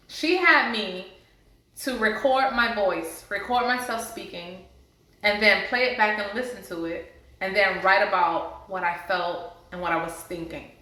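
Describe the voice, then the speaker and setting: A woman's voice: medium pitch, bright, forceful tone. A woman sitting before a camera, earnestly telling her personal healing story and encouraging viewers. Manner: earnest, heartfelt, faith-based encouragement. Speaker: vlogger sharing a personal story. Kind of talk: casual testimony to camera. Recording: very echoey room.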